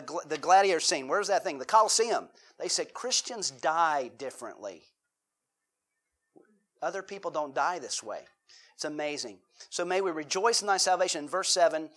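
A male pastor delivering a sermon in a relaxed, conversational manner. His voice sits a little high for a man, and he breaks up the preaching with joking asides. He keeps turning to the congregation with questions.

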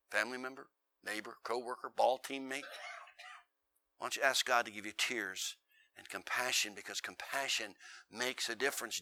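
A male preacher rushes through a dramatic, folksy story from the pulpit, earnest and plainspoken. His voice is tense and forceful, with a middle pitch. The sound is dry and close, with no room echo. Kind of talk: storytelling sermon.

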